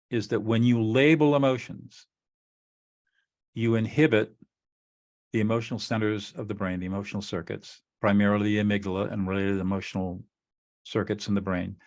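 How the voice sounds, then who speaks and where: A man with a fairly low voice teaches his audience step by step. He is earnest and methodical, and he sometimes acts out short sample exchanges as he explains. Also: fairly even intonation, normal speed, pauses often. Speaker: co-host teaching relationship skills.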